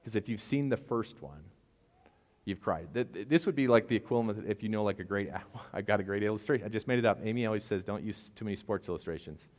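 A man with a lowish voice gives a relaxed, conversational sermon, telling the story with jokes and asides. His voice carries a long reverb, as if he is speaking in a large hall. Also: quick pace. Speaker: pastor.

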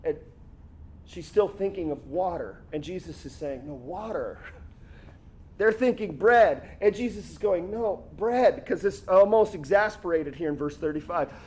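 A man preaching a sermon in an animated, conversational way, acting out quoted lines. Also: high-pitched, moderate pace. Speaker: pastor.

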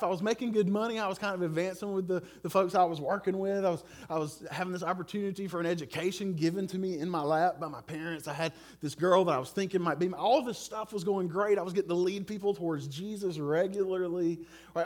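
Male pastor, middle-aged, earnest conversational sermon delivery, a touch high in pitch. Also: fast. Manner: conversational, earnest, direct questions to listeners. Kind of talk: sermon with personal story.

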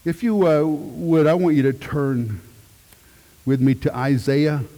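A middle-aged man, a pastor, preaching a sermon with emphatic swells and hushed moments. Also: a little high, slow pace, big-room sound.

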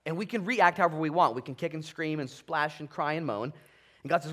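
A man preaching a sermon from a church stage with animated, exclamatory delivery that swings between loud bursts and quieter asides. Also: fairly quick. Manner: hushed, low prayer voice. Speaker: pastor.

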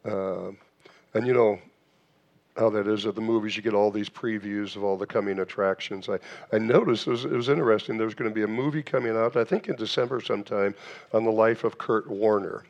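A man's voice: on the low side, brisk. A man preaching a sermon in a church, asking rhetorical questions, with frequent restarts and fillers. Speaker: pastor.

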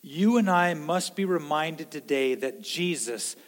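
A man preaching a sermon in an earnest way, swinging between loud emphasis and hushed low lines. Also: lively intonation, a little slow, in a large hall. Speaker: pastor.

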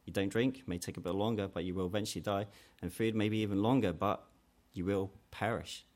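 A man preaching a sermon in an earnest way, growing louder and higher when he voices quoted challenges. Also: steady tone, a little fast. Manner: earnest, rises in pitch and force when quoting mockers.

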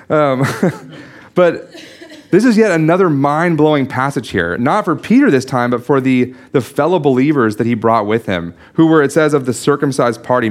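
A man preaching a sermon, explaining a Bible passage in an earnest teaching manner with frequent restarts and small asides. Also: medium pitch. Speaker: pastor.

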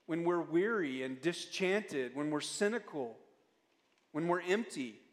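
A man preaching a sermon as a pastor, earnest and often dropping into soft, low tones when he pleads. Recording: long reverb of a church hall.

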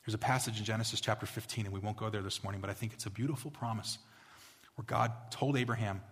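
A male pastor preaching a sermon that moves from quiet to emphatic, repeating key lines. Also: fairly low pitch, fairly even intonation, fast talker, husky. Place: church. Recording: echoey church hall.

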